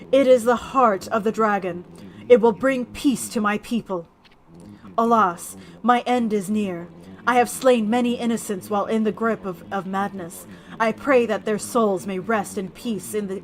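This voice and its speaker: A woman voicing a dying dragon king in a video game, speaking slowly in a grave, formal way. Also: medium pitch, close to an everyday voice.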